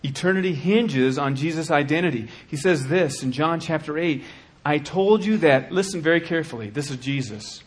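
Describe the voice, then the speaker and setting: A man preaching a sermon with passion, dropping to a hush and then rising to shouting. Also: on the high side, normal speed, few pauses. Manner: impassioned, swings from hushed to shouting.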